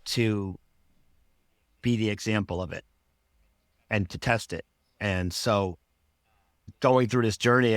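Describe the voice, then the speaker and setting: Male coach guest, low voice, earnest rambling storyteller, dry mic. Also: dry recording. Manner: earnest, rambling, acts out his own past remarks. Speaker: podcast guest, life coach. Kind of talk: personal storytelling in an interview.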